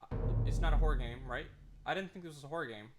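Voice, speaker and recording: A young man streaming a game live, talking excitedly and nervously and swearing often. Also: on the high side, fast talker, loud music behind the voice. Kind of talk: live gameplay commentary.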